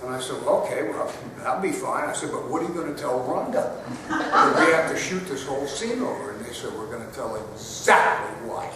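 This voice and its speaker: A man's voice: mid-range voice, animated, fairly quick. An older man, an actor at a fan Q&A panel, telling stories with frequent laughter. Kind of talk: casual anecdote to a live audience. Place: festival hall with a live audience. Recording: echoey hall, mic heard from a distance, loud background noise.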